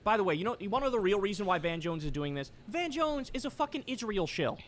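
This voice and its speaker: A man from New York ranting in a reaction stream, swearing and mocking, his voice pitched fairly high. He talks heatedly and sarcastically. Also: sing-song, fast, a little hiss or hum. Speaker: political commentary streamer. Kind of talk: reaction commentary.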